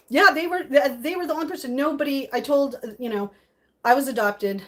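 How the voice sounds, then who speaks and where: A middle-aged woman live streaming in casual chat, reading and reacting to viewer comments, emotional and quick to laugh. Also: sits high, fairly bright tone.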